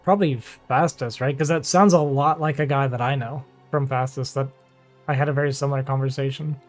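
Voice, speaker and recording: A man's voice: medium pitch, fairly even intonation, fairly quick, faint music behind. A man who streams games, chatting casually, laughing often and trailing off with fillers. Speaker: streamer and game player. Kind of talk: casual chat.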